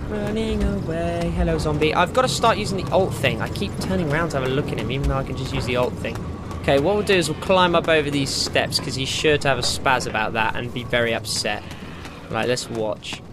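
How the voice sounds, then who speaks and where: A man's voice: fairly high pitch, a little fast, over loud music. A young man giving rambling, jokey gameplay commentary, talking to himself as he plays. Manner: rambling, jokey self-talk. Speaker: gaming channel host.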